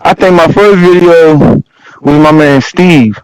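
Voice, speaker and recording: A man with a D.C. tells stories from his rap career, loose and slangy, packed with "you know what I'm saying." His voice sits a bit high. The sound is dry and close. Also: unhurried, clear, resonant tone, no echo, rough recording. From Washington, D.C. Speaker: rapper guest. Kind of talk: casual storytelling chat.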